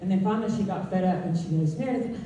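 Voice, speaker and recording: A woman doing a stand-up comedy set, telling stories in a conversational way with deadpan punchlines. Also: on the low side, racing, slight background noise. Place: comedy club stage. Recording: echoey club heard from far off. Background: audience laughter.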